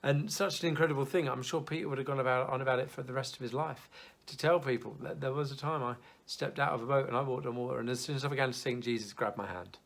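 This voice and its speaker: Young man, church youth leader, casual video devotional, gravelly tone, earnest and reassuring. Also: mid-range voice, fast talker, hardly any pauses, fairly bright tone.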